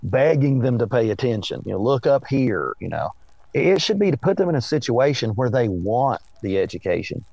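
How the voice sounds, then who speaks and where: Appalachian southern guy, history teacher, slow melodic storyteller, dry dull sound. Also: medium pitch, very animated, creaky, a little mellow, no echo. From East Tennessee. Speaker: podcast guest, history teacher. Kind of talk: casual interview chat.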